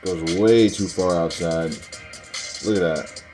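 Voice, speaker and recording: A man's voice: deep voice, steady tone, slow, music in the background, rough recording. A man hosting his own sports video, talking casually over game footage in a dismissive, conspiratorial way, speaking straight to his viewers.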